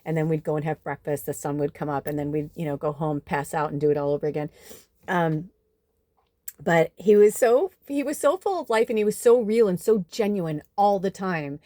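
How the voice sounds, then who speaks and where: A woman in her forties, a spiritual reader who hosts her own channel, tells a personal story to camera in a low, warm voice at a moderate pace. The recording is dry and studio quality. She's chatty and emotional, acting out what others said and swearing freely.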